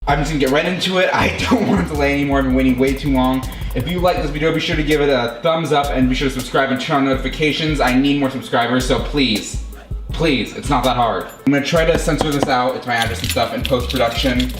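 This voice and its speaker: A man doing a casual unboxing vlog at home, gushing and excitable, often poking fun at himself. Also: medium pitch, fast. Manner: gushing, excitable, self-mocking. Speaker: YouTuber unboxing a phone. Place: room at home. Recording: roomy echo with background music.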